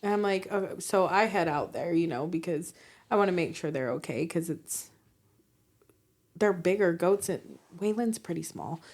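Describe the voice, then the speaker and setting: A woman in her forties co-hosting a podcast, telling animated stories in casual chat, acting out quotes and laughing often. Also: on the low side, normal speed. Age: 40s. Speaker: podcast co-host.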